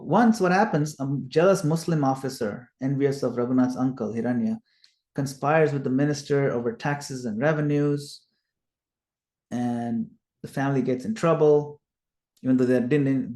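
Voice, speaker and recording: A man's voice: mid-range voice, moderate pace. Man retelling scripture in an echoey room. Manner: animated retelling, acts out quoted lines loudly. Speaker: scripture study teacher. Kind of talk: storytelling scripture class.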